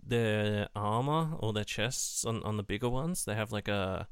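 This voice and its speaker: A man's voice: lowish voice, a little slow, clean tone, no room sound, studio quality. A man co-hosting a casual hobby chat, rambling with many fillers and swearing. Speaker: podcast co-host.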